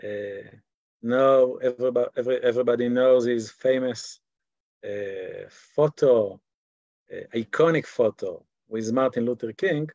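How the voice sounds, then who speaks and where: A man with an Israeli accent teaching an online class, halting and repeating words as he searches for English phrasing. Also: medium pitch, darkish tone, dry recording, dull audio. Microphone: video call.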